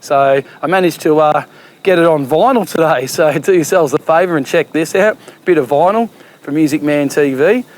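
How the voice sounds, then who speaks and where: A man's voice: fairly high pitch, moderate pace. A young Australian man hosting his own cooking show, chatting casually and cheekily with plenty of slang while he cooks. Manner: blokey and cheeky, full of slang. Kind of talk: casual cooking vlog chat.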